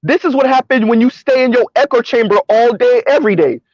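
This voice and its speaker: Male vlogger, high pitch, emphatic and mocking monologue from the car, dry lo-fi sound. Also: animated, brisk, a little mellow, no room sound. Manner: emphatic, sarcastic, repeats points. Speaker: commentary vlogger. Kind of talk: opinionated commentary monologue. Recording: dull lo-fi recording.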